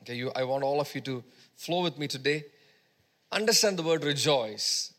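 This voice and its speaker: A man's voice: on the high side, moderate pace, fairly bright tone. A man preaching a sermon as pastor at a church service, prompting the congregation to repeat words back to him in call-and-response.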